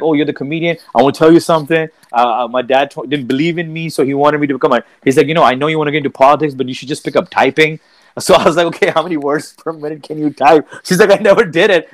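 A man's voice: a little high, fast, dry recording. A man co-hosting a podcast, telling stories in casual banter, swearing freely and acting out what people said. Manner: animated storytelling, swears freely, acts out quotes. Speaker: podcast co-host, comedian.

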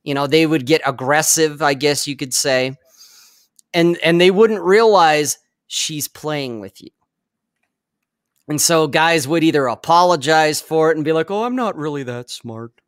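A man's voice: fairly high pitch, a little slow, smooth, no room sound, studio quality. A man co-hosting a podcast, chatting casually, swearing freely and rambling with frequent laughs. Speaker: podcast co-host. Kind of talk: casual chat.

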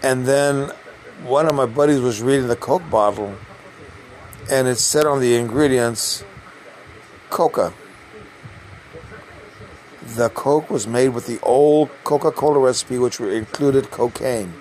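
A man's voice: mid-range voice, measured pace, pauses often, a little mellow, slight background noise, low-quality recording. An older man, a navy submarine veteran, telling casual stories in a rambling way, with frequent restarts and fillers. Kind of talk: casual storytelling.

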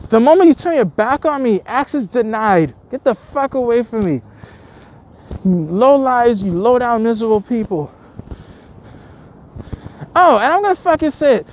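A woman's voice: on the high side, darkish tone. A woman vlogger delivering a heated, profane rant to her viewers, repeating herself, stumbling over restarts and swearing constantly. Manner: angry, repetitive, stammering restarts, swears constantly.

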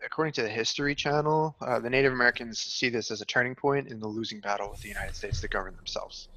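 A man's voice: medium pitch, fast, sharp tone. A young man co-hosting a casual history podcast, talking things through conversationally with fillers. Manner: conversational, thinking aloud with fillers. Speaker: co-host.

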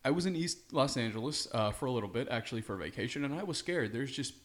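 Brief: man playing a smug, dry-witted Texan who chuckles through his lines, in a middle-pitched voice. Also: animated, fast, close to an everyday voice. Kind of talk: improvised comedy character.

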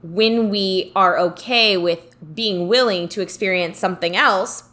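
A woman's voice: medium pitch, a little slow, bright, forceful tone. A woman co-hosting a casual podcast, talking about spiritual ideas in an encouraging way and often restarting her sentences. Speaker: podcast co-host.

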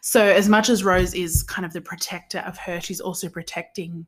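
A woman's voice: fairly low pitch, fairly even intonation, moderate pace, breathy edge. An Australian woman co-hosting a casual book podcast, giggly and rambling, poking fun at herself. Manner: giggly, rambling, self-deprecating. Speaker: podcast co-host. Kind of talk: casual chat.

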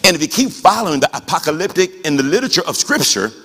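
A man preaching a sermon as pastor, talking conversationally with rhetorical questions and rising to shouts. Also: fairly high pitch, big pitch swings, quick pace, creaky, husky, long reverb tail.

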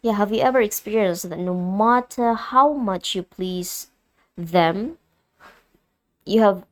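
Hosting her own solo podcast, a young Filipino woman talks with candor and emotion, frequently stopping and starting over. Her mid-range voice carries a Filipino accent blended with American and British.

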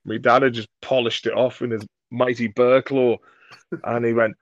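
A man from Merseyside, a comedy creator, telling rambling sweary anecdotes in a relaxed interview. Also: medium pitch, normal speed, no room sound, dull audio. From Merseyside, England. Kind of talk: casual storytelling in an interview.

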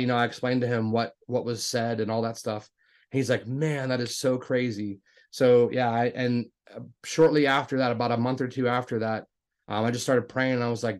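Man, storyteller guest, lively and talkative, jumps up in pitch when he voices the people in his story, average-pitched natural voice. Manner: animated, acts out dialogue with raised pitch; self-described jokester, talkative with many restarts. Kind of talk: casual storytelling.

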